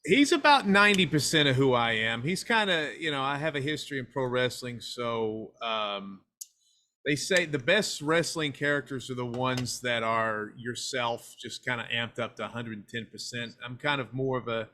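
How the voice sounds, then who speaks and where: A man's voice: medium pitch, normal speed, sharp tone. A man with an East Tennessee accent, a filmmaker and wrestler guest, chatting casually and telling loose, folksy stories. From United States. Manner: folksy storyteller, slips into a hyped funky DJ persona. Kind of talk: casual podcast interview.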